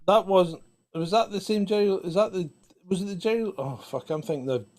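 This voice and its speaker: Male co-host, slightly high pitch, chatty anecdotal banter, sweary. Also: a little fast, darkish tone. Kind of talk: casual chat on a live stream.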